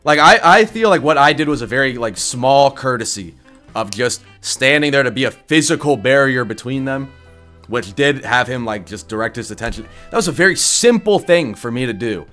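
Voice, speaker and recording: A man's voice: medium pitch, lively intonation, moderate pace, sharp tone, soft background music. A young man with a stuffed-up, scratchy voice, a gaming YouTuber talking bluntly and profanely in a casual rant before a game build guide. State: congested, scratchy voice.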